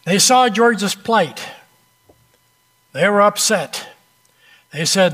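A man preaching a sermon, telling an illustrative story with dramatic pauses and a conversational, direct manner. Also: high-pitched, fairly bright tone.

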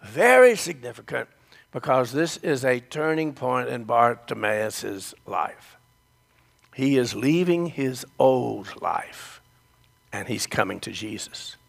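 A man's voice: mid-range voice, expressive, takes it slowly, gravelly, long reverb tail. A man preaching a sermon who tells the story and speaks straight to his congregation. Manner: storytelling, addresses the congregation directly.

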